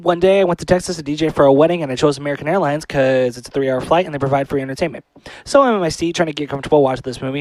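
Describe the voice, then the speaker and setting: Man, story-time comedy skit, dry close sound, sarcastic deadpan delivery. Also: mid-range voice, no room sound. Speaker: DJ and skit creator.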